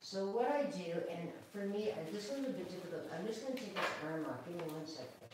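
A woman dog groomer giving a chatty, calm live grooming demonstration, talking now and then to the dog. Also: on the low side, brisk, far from the mic, noisy background. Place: grooming room, indoors. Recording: echoey room, away from the mic.

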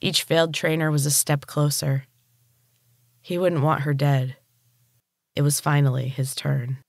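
Slow, steady storybook narrator. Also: medium pitch, gravelly, no room sound, clean studio sound. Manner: steady, unhurried reading. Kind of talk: audiobook narration.

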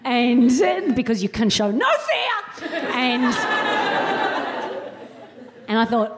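A woman's voice: fairly high pitch, big pitch swings, a little slow, long pauses, very noisy. A woman telling a self-mocking comic story on stage, acting out the voices of the people in it. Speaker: co-host comedian. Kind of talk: live stand-up storytelling. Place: live venue with audience.

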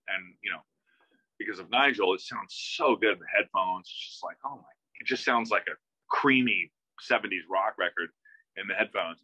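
A man, a musician guest in a casual interview, telling an animated story that acts out quoted dialogue, with many restarts, heard over a video call. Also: on the low side, no echo. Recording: dull, dry video-call audio.

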